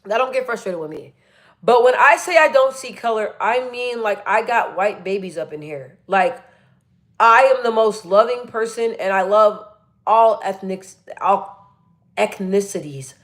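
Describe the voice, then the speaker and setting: A woman's voice: on the high side, expressive, measured pace, fairly bright tone. A young woman chatting casually on a livestream, reading viewer comments aloud and laughing often. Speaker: livestream host.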